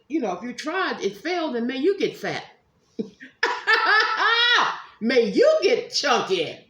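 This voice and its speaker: Chatty woman reading tarot cards. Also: lowish voice. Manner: chatty, animated, talks straight to viewers. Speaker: tarot reader. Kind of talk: casual tarot reading monologue. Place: room at home. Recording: echoey room.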